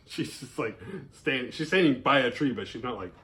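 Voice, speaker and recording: A man casually recapping a horror film, swearing freely and acting out the characters' lines in exaggerated voices. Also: normal speed. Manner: animated, profane, acts out characters' lines in high voices.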